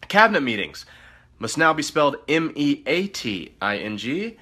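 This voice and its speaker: A man's voice: fairly high pitch, very animated, measured pace, bright, forceful tone, breathy edge. Flustered polite man reading aloud. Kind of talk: comedy sketch acting.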